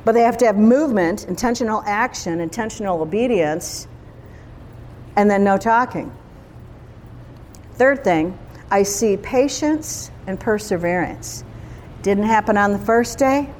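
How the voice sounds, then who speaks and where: A woman's voice: medium pitch, measured pace, long pauses, darkish tone, slight background noise. A woman preaching a sermon in a conversational, emphatic way, full of rhetorical questions.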